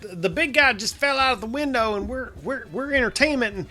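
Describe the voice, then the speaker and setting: A man's voice: very high voice, a little fast, pushed and bright. A man playing a tabletop game, joking and stumbling over his words. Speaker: player. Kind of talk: tabletop role-play.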